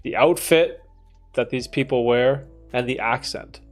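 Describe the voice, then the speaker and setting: A young man from Canada hosting a casual livestream, reading chat and joking, laid-back with loud bursts of laughter and swearing. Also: mid-range voice, measured pace, soft background music. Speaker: livestream host answering chat.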